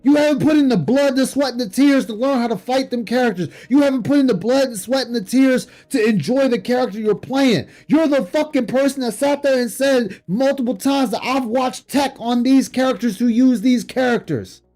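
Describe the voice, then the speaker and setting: A man streaming late at night, ranting with heavy profanity and scorn, breaking into shouts. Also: extremely high pitch, normal speed, few pauses, faint music behind. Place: home streaming setup.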